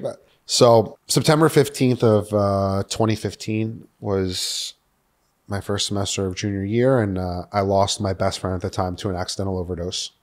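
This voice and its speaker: A man's voice: on the low side, fairly even intonation, moderate pace, darkish tone. A man in his thirties from New York City, a podcast guest telling his personal story frankly in casual talk, swearing freely and filling with "uh" and "like". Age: 30s. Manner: candid, swears freely, many fillers like "uh" and "like".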